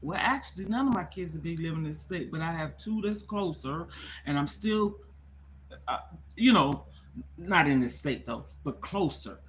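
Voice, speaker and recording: A woman's voice: deep voice, expressive, moderate pace, slight background noise. A middle-aged woman talking candidly on a live stream from her phone. She is worried and close to tears, and she rambles and repeats herself. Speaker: livestreamer.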